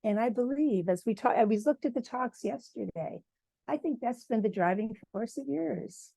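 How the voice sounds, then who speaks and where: A woman from Michigan, a textile artist, giving a lively personal talk at a symposium and acting out quoted dialogue. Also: a little high, moderate pace, vocal fry, no echo. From Michigan, USA. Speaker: guest speaker, textile artist.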